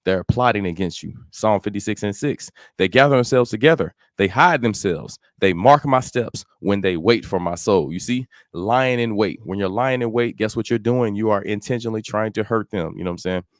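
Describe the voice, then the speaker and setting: A man's voice: lowish voice, moderate pace, hardly any pauses, no room sound, clean studio sound. A man teaching verse by verse through a psalm in a conversational way, often asking "you know what I'm saying". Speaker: Bible teacher. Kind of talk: casual verse-by-verse Bible teaching. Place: church, dry sound.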